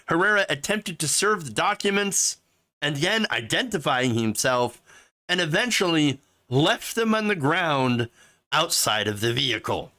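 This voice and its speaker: A man's voice: fairly high pitch, sing-song, unhurried, pushed and bright. A man hosting sarcastic political commentary, mocking and mimicking the people he talks about. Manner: mocking, with exaggerated mimicking voices.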